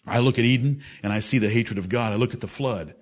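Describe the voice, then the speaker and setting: A man delivers a fiery sermon in a confrontational, scolding manner. He swings from loud, raised declaiming to low, intense reasoning aimed straight at his listeners. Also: fast talker. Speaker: preacher.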